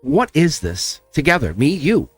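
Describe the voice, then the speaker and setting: A man hosting a spiritual tarot talk, speaking in an animated way with lots of repetition and frequent laughs. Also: fairly high pitch, unhurried, husky, faint music behind. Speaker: tarot reader and channel host.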